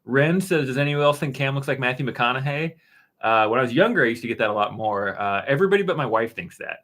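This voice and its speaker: A man in his thirties hosting a casual live stream, answering chat questions in a relaxed, rambling way with plenty of fillers and restarts. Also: mid-range voice, quick pace. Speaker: woodworking channel host answering live chat. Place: dark-painted home studio room.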